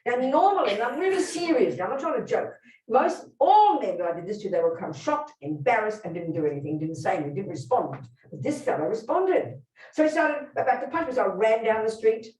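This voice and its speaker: A woman's voice: on the high side, big pitch swings, a little fast, darkish tone. A woman teaches a room of listeners as a Buddhist nun, her voice swinging widely up and down as she drives each point home. She talks plainly and emphatically, often turning to ask the group whether they follow. She stands some distance from the microphone in a roomy, echoing hall. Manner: emphatic, blunt storytelling with direct questions to listeners. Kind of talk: teaching talk to a live group. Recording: roomy hall, speaker away from the mic.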